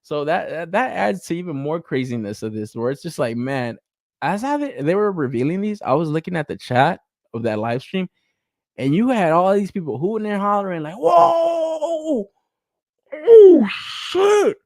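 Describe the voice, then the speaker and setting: A man talks casually and profanely, sounding incredulous and laughing often. His pitch sits a little high and swings widely. The sound is dry and close, with no room around it. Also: very animated, moderate pace, no echo. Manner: blunt, incredulous, laughs often, mocks others' hype in exaggerated voices. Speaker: podcast co-host reviewing action figures.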